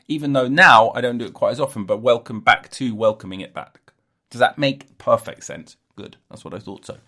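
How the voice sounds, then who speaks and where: A man's voice: medium pitch, animated, moderate pace, bright, forceful tone. A man hosting a solo comedy podcast, rambling and joking, cutting himself off and laughing at his own jokes. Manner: jokey, self-interrupting, laughs at own jokes. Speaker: podcast host.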